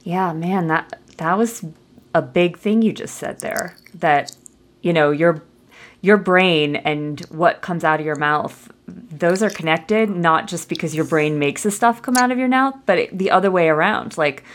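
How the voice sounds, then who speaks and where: A woman's voice: lowish voice, a little slow. A young woman hosting a podcast interview, chatting casually in a friendly way and laughing often. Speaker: podcast host.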